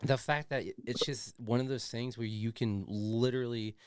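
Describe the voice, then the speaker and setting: A man's voice: medium pitch, fairly even intonation, normal speed, clean tone, dry recording, clean studio sound. A man co-hosting a podcast in loose, enthusiastic casual chat, swearing and saying "dude" often. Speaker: podcast co-host.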